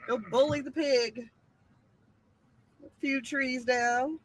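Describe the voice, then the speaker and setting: Woman, shrill sing-song baby talk to animals, slow, laughs often. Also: fairly even intonation, a bit bright, no echo, low-quality recording. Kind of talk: cooing to farm animals.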